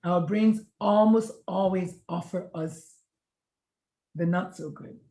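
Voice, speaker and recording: A woman's voice: lowish voice, slow pace, warm tone. A middle-aged woman, a retired pediatrician turned life coach, reflectively sharing her story in an interview and acting out past conversations. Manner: reflective, earnest, retells conversations in dialogue. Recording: echoey room sound.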